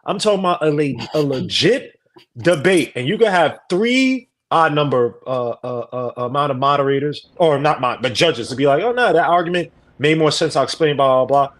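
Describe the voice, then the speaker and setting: A man in a casual podcast chat, animated and persuasive, jumping in to argue his idea. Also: on the high side. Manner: animated, persuasive, quick to jump in.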